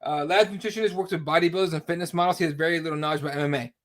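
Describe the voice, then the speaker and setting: A man's voice: fairly high pitch, fairly even intonation, very fast. A man hosting a combat sports podcast, reading out viewer comments in a crude, blunt way. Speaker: podcast host. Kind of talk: casual chat.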